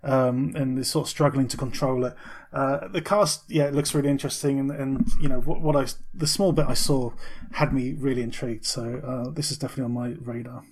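A man's voice: mid-range voice, steady tone, fairly quick. A man co-hosting a casual film review podcast, talking with many ums and restarts. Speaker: podcast co-host.

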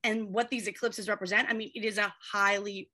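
A woman's voice: mid-range voice, flat delivery, a little fast, sharp tone. A woman guest on a podcast, an astrologer and comedian chatting casually, joking, swearing and rambling.

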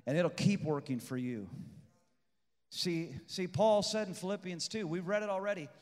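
A man preaching a sermon as pastor, swinging between shouted peaks and hushed intensity and repeating phrases for emphasis. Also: sits high, normal speed, long reverb tail.

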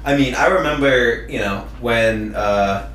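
A man's voice: medium pitch, a little slow, fairly bright tone, a little hiss or hum. A man co-hosting a casual podcast, rambling and swearing as he banters. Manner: rambling, swearing, mocking voices. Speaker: podcast co-host. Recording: echoey room from a distance.

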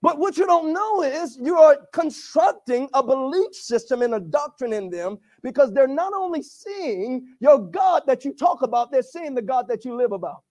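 A pastor preaching a sermon with call-and-response to his congregation, often rising to shouts. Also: extremely high pitch, big pitch swings, normal speed, few pauses.

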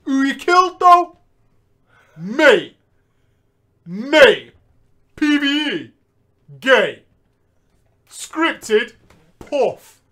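A man's voice: very high voice, very animated, very slow, pauses often, sharp tone, exaggerated voice. A man voicing a cocky male PvP gamer who taunts and keeps saying mate. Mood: taunting.

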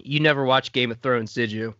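A man hosting a podcast in casual chat, animated and swearing as he gets worked up. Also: mid-range voice, brisk, no room sound. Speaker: podcast host. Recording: dry, dull lo-fi sound.

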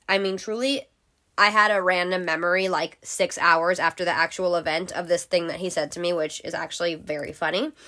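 A woman's voice: medium pitch, a bit bright. A young woman hosting a podcast, telling a story in a casual, chatty way and swearing freely. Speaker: podcast host.

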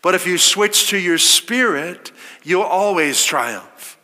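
Male pastor, emphatic sermon delivery, brighter and higher than most men, long hall echo. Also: animated, takes it slowly. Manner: emphatic, rhetorical questions, quoting scripture. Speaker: preacher.

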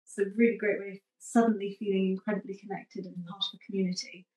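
A woman's voice: mid-range voice, quick pace, recorded from a distance. Woman guest, off-mic in an echoey room. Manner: relaxed, agreeable, with frequent short backchannel replies. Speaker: podcast guest. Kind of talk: casual conversational podcast chat.

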